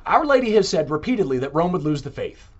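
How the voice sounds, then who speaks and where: A man talking in a casual podcast monologue, animated and putting on mock voices when he quotes others. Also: a little high, quick pace, highs cut off. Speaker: Catholic podcaster.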